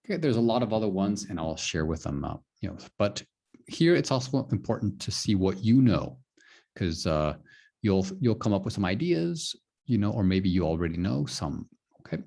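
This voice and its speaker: A low, gravelly male voice with lively ups and downs in pitch. He teaches an English class, going over phrases slowly and patiently and peppering his talk with "okay". His delivery is unscripted and relaxed. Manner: slow, repetitive explaining with many "okay"s. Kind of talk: online English lesson.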